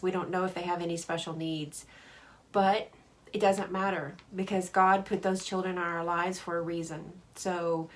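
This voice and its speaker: A woman giving a casual, chatty card-making demonstration. She answers viewer comments as she goes and laughs often. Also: lowish voice. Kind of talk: casual live craft demo.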